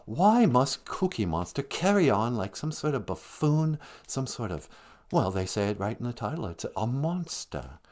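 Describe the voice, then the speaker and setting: A man voicing a male monster who drops the act to speak in a refined, halting, world-weary way. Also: medium pitch, sing-song, a little mellow, close to an everyday voice.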